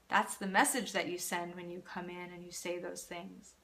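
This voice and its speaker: A woman's voice: on the low side, little pitch movement, normal speed, creaky, hardly any pauses, fairly bright tone, a little hiss or hum. A woman who is a parenting coach, hosting a live Q&A and talking in an earnest, encouraging way, often restarting her sentences. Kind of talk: casual live-stream Q&A talk.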